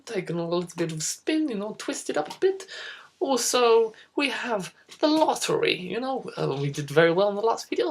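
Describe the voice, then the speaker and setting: Teen girl rambling thru a fake news bit, giggly and goofy, voice bouncing all over, bit of faint hiss behind. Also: mid-range voice. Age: teens. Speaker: host of a spoof news show. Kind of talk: mock news presenting.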